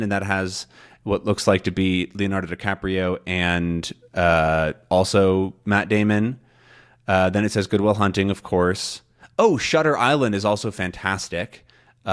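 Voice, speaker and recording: A man teaching English learners in a relaxed, rambling monologue, thinking aloud with many fillers and restarts. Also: sits low, smooth.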